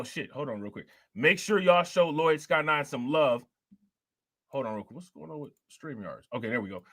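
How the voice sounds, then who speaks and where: A man's voice: mid-range voice, sharp tone, no echo, clean studio sound. A man hosting a casual livestream, talking loosely in slang and saying "you know what I'm saying" over and over. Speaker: livestream host.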